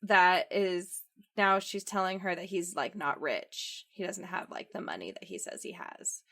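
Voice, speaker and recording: Animated young woman retelling a story. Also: lowish voice, measured pace, creaky. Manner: animated, acts out quoted lines with laughs. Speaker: podcast co-host. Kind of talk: casual chat, retelling a movie plot.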